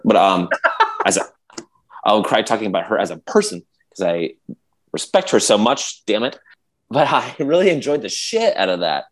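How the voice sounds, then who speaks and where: Animated low-voiced man telling stories. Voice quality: animated storyteller, acts out quotes and sound effects. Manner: rambling with many restarts and fillers. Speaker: podcast co-host. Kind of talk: casual chat.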